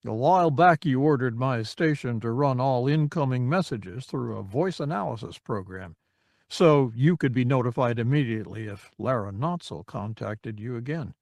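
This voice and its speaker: A man's voice: medium pitch, expressive, moderate pace, gravelly, darkish tone, no room sound. A dutiful, clipped communications officer, voiced by a man in an audiobook, reporting formally. Recorded close and dry. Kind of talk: audiobook character reading.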